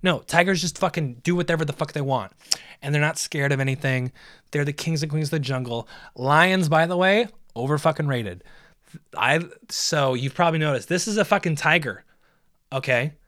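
A man's voice: on the high side, normal speed, a bit bright, no echo, clean studio sound. A young man hosting a podcast, telling profane, rambling stories in a casual solo monologue. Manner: profane, rambling storytelling with laughs. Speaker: podcast host.

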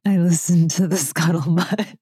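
A woman co-hosting a podcast, chatting casually, agreeing quickly and laughing often. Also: on the low side, dark tone, husky, no echo, studio quality. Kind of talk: casual chat.

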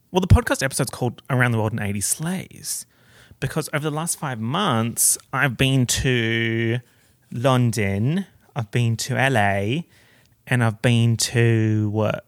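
A man hosts a casual solo podcast recorded on a portable recorder, chatty and campy, full of slang and swearing. His mid-range voice has a fairly bright tone. The sound is studio quality with no echo.

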